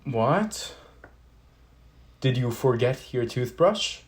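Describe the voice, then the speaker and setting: A man voicing an excitable, forgetful young boy frog in a children's storybook reading, pitched higher and bouncier than his own voice. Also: very slow. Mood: excited. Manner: high, eager and bouncy.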